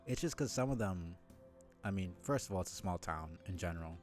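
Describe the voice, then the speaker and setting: A man's voice: low-pitched, expressive, fairly quick, soft background music. A man streaming a game live, chatting in a rambling, self-deprecating way with lots of fillers.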